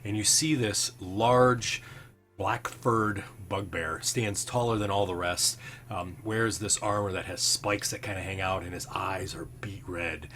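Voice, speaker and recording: A man's voice: low voice, steady tone, measured pace, a bit bright. A man narrating as game master, rambling with many fillers. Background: faint background music.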